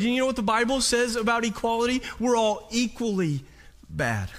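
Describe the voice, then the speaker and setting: A man pastor preaching a sermon to a congregation, animated, with rhetorical questions and humor. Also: very high voice, normal speed.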